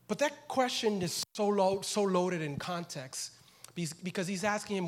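A male pastor with a fairly high voice preaches, working through the text at a measured pace with lively intonation. He's impassioned, sinking low and soft before climbing into loud, pressing questions for the congregation.

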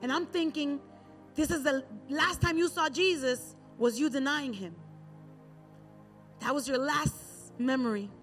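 A woman with a bright, high voice delivers a sermon as a relaxed, chatty story. A faint bed of music runs quietly underneath. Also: a little slow. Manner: conversational storytelling with acted Bible quotes. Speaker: preacher.

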